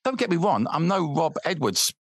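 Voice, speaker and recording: A man's voice: on the high side, sing-song, moderate pace, no room sound, studio quality. A man chatting on a podcast, rambling and repeating his words as he gets worked up. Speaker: podcast guest, football fan. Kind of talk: casual podcast chat.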